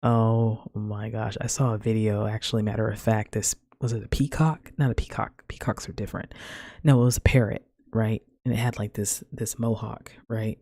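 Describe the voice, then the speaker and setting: A woman rambles through a casual solo podcast, her voice gravelly and a little husky. She talks loosely, with plenty of filler words. The sound is dry and close to the mic. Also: rumbling low, fairly even intonation, moderate pace, warm tone, dry recording. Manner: rambling, chatty, peppered with "like" and "man". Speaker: podcast host.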